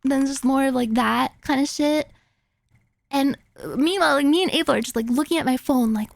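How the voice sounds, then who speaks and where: A young woman streamer telling a story in casual chat, animated and full of fillers and swearing, acting out the lines of the people in it. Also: high voice, normal speed, vocal fry. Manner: animated, filler-heavy, swearing, acts out quotes.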